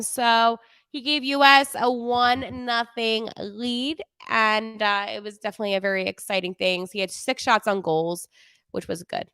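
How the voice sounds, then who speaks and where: A woman's voice: fairly high pitch, fairly bright tone, clear, resonant tone, no room sound, studio quality. A young woman with a New Jersey accent, hosting a casual hockey podcast in a chatty, self-deprecating way. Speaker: podcast host. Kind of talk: casual hockey recap on a livestream.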